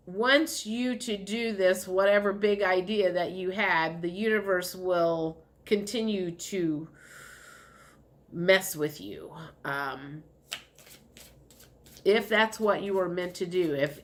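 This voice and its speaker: A woman with a lowish, fairly bright voice gives a casual spoken tarot reading. She rambles and chats, with many fillers and light laughs.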